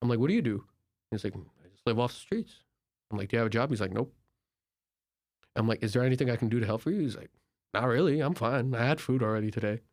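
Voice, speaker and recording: A man's voice: mid-range voice, fast, pauses often. Young Turkish-born man telling travel stories. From Turkey. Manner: animated, filler-heavy, acts out dialogue. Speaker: podcast guest, traveler. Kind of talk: casual storytelling.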